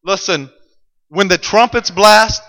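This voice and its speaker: A proud ancient king barks demands in a high, bright, forceful voice, as a preacher puts him on. His orders ring out with the long reverb of a large hall. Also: slow pace, creaky, soft background music, heavily acted. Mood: commanding. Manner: commanding, boastful.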